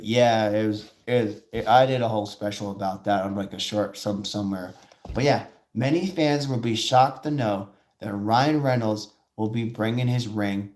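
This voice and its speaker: A man hosting a live show, talking in rambling, excitable casual commentary and acting out quoted voices as he goes. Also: on the low side.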